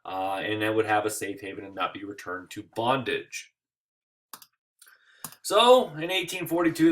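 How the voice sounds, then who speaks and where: Tired, wisecracking teacher, mid-pitched man, talking over lecture slides. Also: a bit bright. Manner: joking, acts out quick voices. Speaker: history teacher.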